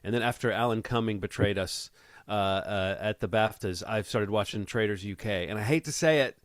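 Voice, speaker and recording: Rambling wry podcast host, dry sound. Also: male voice, lowish voice, normal speed, no room sound. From United States. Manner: rambling, wry, with many restarts. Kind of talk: casual chat.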